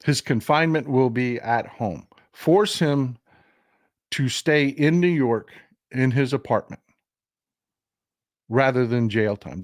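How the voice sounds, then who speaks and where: This livestream host from Texas delivers casual political commentary straight to his audience, emphatic and full of restarts and repetitions. He has a medium-pitched voice, and the sound is clean studio audio with no echo.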